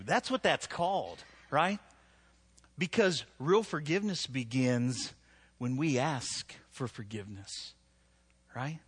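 A middle-aged man preaching a live sermon in a conversational, joking way, his voice climbing high when he stresses scripture. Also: expressive, unhurried, slightly rough. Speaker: pastor.

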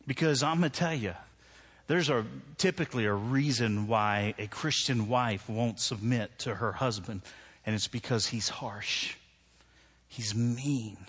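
A man in his forties preaching a sermon in a church, telling stories and acting out his own anger in loud bursts. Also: medium pitch, unhurried, breathy edge. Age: 40s. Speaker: pastor.

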